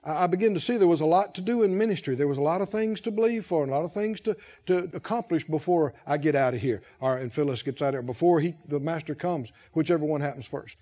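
A man preaching a sermon as pastor, emphatic and repetitive, building key phrases to shouts. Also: a little high, quick pace, highs cut off.

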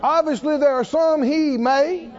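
A man's voice: very high voice, measured pace, a little mellow, long reverb tail, lo-fi sound. A man preaching a sermon, firing questions at his congregation and pressing them with emphatic, chuckling delivery. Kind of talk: sermon with call-and-response.

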